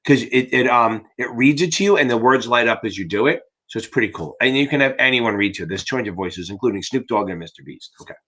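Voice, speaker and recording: A man's voice: mid-range voice, animated, fast, few pauses, sharp tone. A middle-aged man, an exam tutor, hosting a casual live Q&A in a rambling, profane, joking way. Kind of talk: casual livestream chat.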